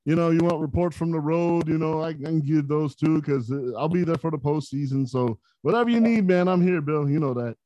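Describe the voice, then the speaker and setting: A man, a podcast guest, telling stories in a casual, animated way, often laughing as he talks. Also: a little high, brisk, few pauses, lo-fi sound, slight background noise. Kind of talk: casual storytelling.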